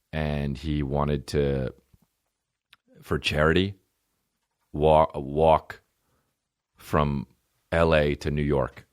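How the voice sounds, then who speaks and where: A man hosting a podcast, telling comedic stories in a profane, animated way and acting out the people he quotes. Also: very deep voice. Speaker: podcast host. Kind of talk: comedic storytelling.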